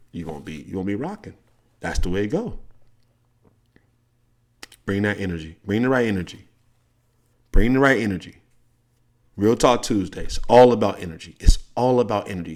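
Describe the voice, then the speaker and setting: A middle-aged man, a podcast host and coach giving a blunt, profane motivational monologue with big jumps in pitch. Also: very animated, normal speed, darkish tone.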